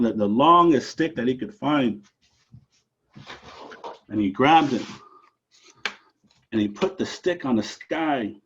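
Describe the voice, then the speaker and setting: A man from Alaska telling a traditional story aloud, animated, with dramatic rises and drops. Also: medium pitch, lo-fi sound, a little hiss or hum.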